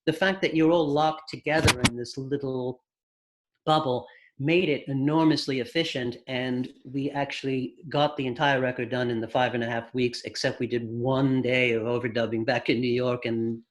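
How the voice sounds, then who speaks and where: A man, a record producer, guest on an interview, telling long anecdotes at an unhurried pace with thoughtful pauses. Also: mid-range voice, fairly even intonation. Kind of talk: casual storytelling interview.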